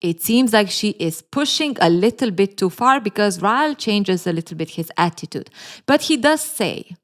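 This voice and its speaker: A woman's voice: mid-range voice, expressive, moderate pace. A woman host narrating a novel's plot and adding chatty, sarcastic commentary straight to her viewers.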